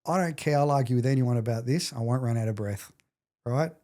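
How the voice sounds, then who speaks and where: Guy telling a heavy story, gets intense, does everyone's voices, warm low-key tone. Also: brisk. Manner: intense, animated retelling, acts out quotes. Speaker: podcast guest. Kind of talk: emotional storytelling.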